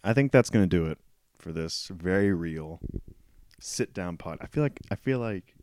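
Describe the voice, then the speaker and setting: Deep rambling young man, coughing. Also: lively intonation, normal speed, a little mellow, no room sound. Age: 20s. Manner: rambling, self-mocking, swears freely. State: coughing, voice cracking. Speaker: podcast host. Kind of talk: casual solo podcast.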